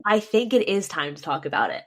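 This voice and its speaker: A young woman co-hosts a podcast in a casual chat, her mid-range voice sing-song and fairly quick. She talks enthusiastically, with plenty of ums and likes.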